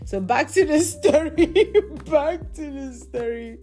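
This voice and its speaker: A young woman hosts a confession podcast. She speaks in a fairly high, mellow voice that leaps all over in pitch as she scolds herself mid-story, and soft music plays under her. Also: slow, hardly any pauses. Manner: animated, self-talking, laughing asides. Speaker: podcast host.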